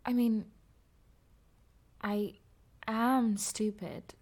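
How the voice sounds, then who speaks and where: A woman playing a breathy, flustered young streamer. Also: mid-range voice, fairly even intonation, a little mellow. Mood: breathless.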